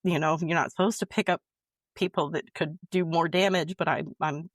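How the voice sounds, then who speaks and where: A woman's voice: on the low side, steady tone, moderate pace, no room sound, studio quality. A woman, a podcast guest, telling a personal story in an earnest, emotional way that halts and restarts often.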